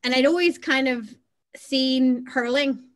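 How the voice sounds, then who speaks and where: Woman, 30s, American accent with Belfast touches, higher voice, chatty storyteller, casual interview. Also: a little slow. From Boston, USA. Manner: chatty storyteller, laughs easily. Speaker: interview guest.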